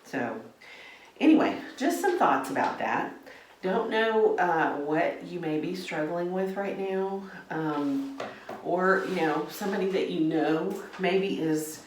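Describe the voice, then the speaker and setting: A middle-aged woman hosting a casual faith vlog while gardening, talking in a gentle, meandering way with many fillers. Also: on the low side, animated, takes it slowly, a little hiss or hum. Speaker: vlog host. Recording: roomy echo from a distance with faint ambience.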